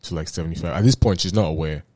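A man's voice: low voice, rapid-fire, a little mellow, no echo. A man hosting a casual podcast, laid-back, swearing freely and using slang. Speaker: podcast host. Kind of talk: casual chat.

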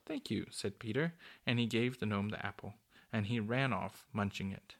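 A man reading a children's story aloud, steady with small slips and restarts. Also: fairly low pitch, normal speed. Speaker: narrator.

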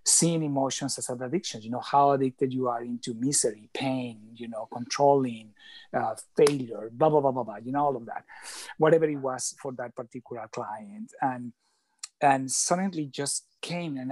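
A man speaking as an interview guest and coach, explaining ideas earnestly with slightly halting phrasing. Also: medium pitch, darkish tone, no echo. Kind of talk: conversational interview talk.

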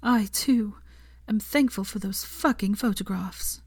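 Brief: woman doing a spirited young woman, high and laughing, in a dry room. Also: wildly swooping pitch, unhurried, warm tone, breathy edge, dry recording, full character voice. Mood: affectionate.

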